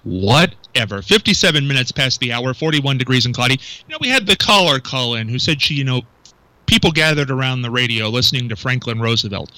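A man's voice: medium pitch, animated, brisk, bright, forceful tone, no room sound, poor audio. A male radio talk show host, chatting with his co-host, incredulous and full of rhetorical questions. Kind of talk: local talk radio banter. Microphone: studio microphone.

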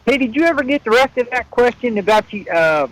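A man's voice: very high-pitched, lively intonation, a little fast, fairly bright tone, poor audio. A man calling in to a local radio show, chatting in a plainspoken, easygoing way. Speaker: radio caller. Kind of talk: casual call-in chat.

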